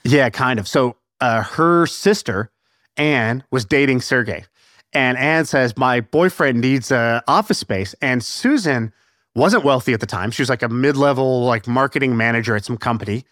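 A man hosting a podcast, telling stories in a lively, swearing, casual way with lots of fillers. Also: mid-range voice, moderate pace, no room sound, clean studio sound. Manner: animated, profane storyteller with many fillers. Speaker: podcast host. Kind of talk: casual storytelling chat.

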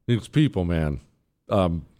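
A man's voice: deep voice, very animated, slow, mellow. A man hosting a talk radio show, delivering a brash, sarcastic monologue.

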